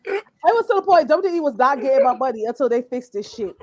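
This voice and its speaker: Female podcast co-host, high voice, animated and profane ranter. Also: quick pace. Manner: animated ranting, swears. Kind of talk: casual chat.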